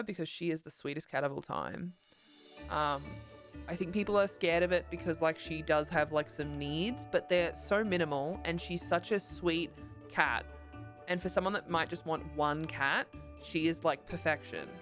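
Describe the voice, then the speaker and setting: A young woman chatting loosely on a livestream, her voice sitting a bit low for a woman. She rambles through filler words and sounds sleepy. Soft game music hums faintly underneath. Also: moderate pace. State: sleepy, yawning. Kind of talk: casual chat while gaming.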